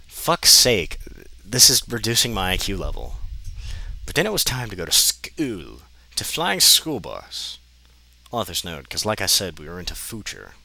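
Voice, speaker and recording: A man's voice: low-pitched, big pitch swings, moderate pace, sharp tone, dry recording, poor audio. A man doing a comedic dramatic reading of a bad fan story, breaking off often with sarcastic, exasperated, swearing commentary.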